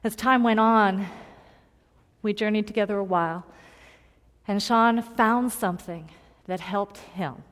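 A woman preaching a personal story in a sermon, earnest and confiding, moving between loud emphasis and hushed tones. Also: medium pitch. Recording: long hall reverb.

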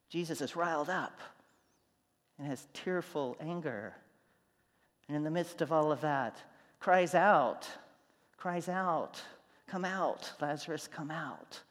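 Guy preaching a sermon, kinda high voice, big echoey church hall, loud then hushed storytelling. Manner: storytelling, shifts from loud animated to soft. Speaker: pastor.

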